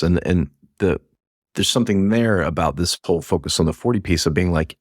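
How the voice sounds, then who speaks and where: Brief: low-pitched male podcast guest, loose and rambling, dry close sound. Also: fairly quick, no room sound. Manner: rambling, self-interrupting, laughs often. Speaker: guest, happiness speaker. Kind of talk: casual podcast conversation.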